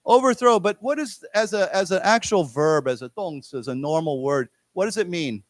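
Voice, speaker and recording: A man with an American accent teaching English to a class of Chinese speakers, explaining words slowly and having everyone repeat them. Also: high-pitched, dry recording. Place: lecture room in a library.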